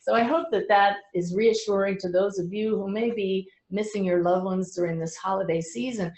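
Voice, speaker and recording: A middle-aged woman who is a medium, speaking earnestly to a webinar audience with gentle humor. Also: medium pitch, normal speed, reverberant, rough recording.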